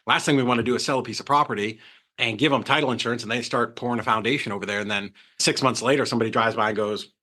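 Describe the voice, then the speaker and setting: Bright, animated man telling stories. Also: medium pitch, very fast. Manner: animated storyteller who acts out quotes, says "right?" often. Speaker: guest, transaction coordination business owner. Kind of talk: casual podcast interview.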